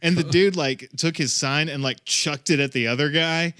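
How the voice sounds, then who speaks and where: A man's voice: a little high, steady tone, normal speed, sharp tone, smooth. A man co-hosting a podcast, telling a crude story in a rambling, swearing way and laughing as he goes. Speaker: podcast co-host. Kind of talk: casual comedic storytelling.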